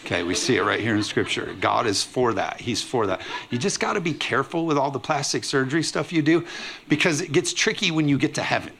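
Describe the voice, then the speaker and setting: A man pastor preaching a lively sermon, acting out quoted voices with humor. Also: mid-range voice, fairly quick, creaky.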